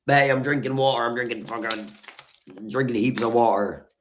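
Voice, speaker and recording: A man talking casually on his livestream, hoarse with his voice nearly gone, laid-back and sweary. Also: mid-range voice, steady tone, brisk, slight background noise. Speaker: streamer.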